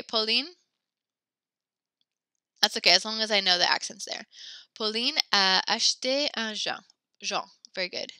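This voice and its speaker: A woman's voice: mid-range voice, pushed and bright, no room sound. A pregnant woman teaching a French class, slightly out of breath, patient and encouraging as she switches between English and French. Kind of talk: online class instruction.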